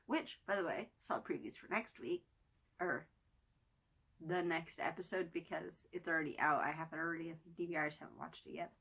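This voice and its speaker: Excited woman rambling about TV. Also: low voice, brisk, creaky, slightly rough. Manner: enthusiastic, rambling, with many restarts and fillers. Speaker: TV review vlogger. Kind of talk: casual TV review chat.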